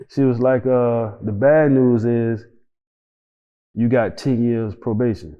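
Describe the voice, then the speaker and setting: A man, a guest in a casual interview, telling a story in an animated way, acting out the dialogue and swearing freely. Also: medium pitch, measured pace, long pauses. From Tampa, Florida. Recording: roomy reverb, dull lo-fi sound.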